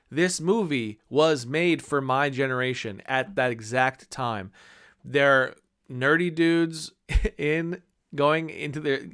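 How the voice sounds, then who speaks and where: Casting: man, 30s, eager movie-review vlogger, smooth clear voice, a touch high. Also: a bit bright. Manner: enthusiastic, rambling with many fillers.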